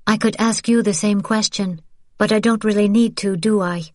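A woman voicing a bitter, grieving girl of almost fourteen who speaks in a sharp, accusing, cynical way. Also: mid-range voice, steady tone, moderate pace, no echo, studio quality, voice pushed up, lightly acted.

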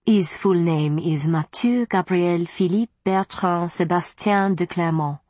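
A woman's voice: lowish voice, a little slow, darkish tone, dry recording. Woman voicing a stately ancient vampire matriarch.

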